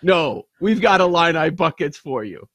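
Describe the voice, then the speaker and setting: High, lively-voiced man bantering. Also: moderate pace, creaky, dry recording. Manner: laughing, incredulous banter. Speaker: co-host. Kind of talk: casual sports talk.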